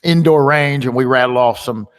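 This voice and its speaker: A male host gives a casual webinar talk, rambling and chatty, with plenty of ums and uhs. His voice is middle-pitched at a normal speed, carrying a long, hall-like reverb.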